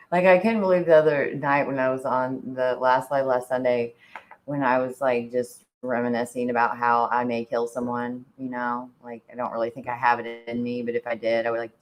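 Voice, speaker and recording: Casual female co-host with a very low voice; chatty, giggly, rambling. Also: rough recording. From Indiana. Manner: chatty, laughs often, says "like" a lot. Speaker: podcast co-host. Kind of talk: casual chat.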